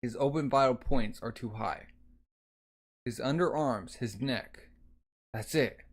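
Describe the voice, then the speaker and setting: A man's voice: medium pitch, measured pace. A man voicing a fierce, stubborn young male fighter who speaks tersely. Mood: determined.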